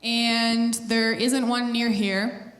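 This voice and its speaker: A woman's voice: on the high side, little pitch movement, extremely slow, a bit bright. A sixteen-year-old girl talking with her mother on stage, dry and teasing. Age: teens. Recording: echoey hall reverb.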